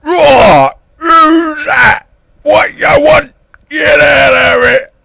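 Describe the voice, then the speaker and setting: A man voicing a gruff, working-class queen who shouts bossily at an intruder. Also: a little high, huge pitch swings, measured pace, dry recording, pitched above the performer's own voice, exaggerated voice. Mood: roaring. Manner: shouting, coarse and bossy.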